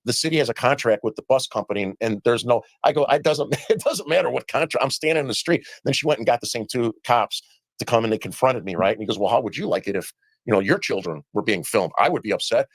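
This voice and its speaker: In a played interview, a man with a mid-range, animated voice tells stories about his experiences at a rapid clip, acting out the dialogue as he quotes it. The recording has no room sound.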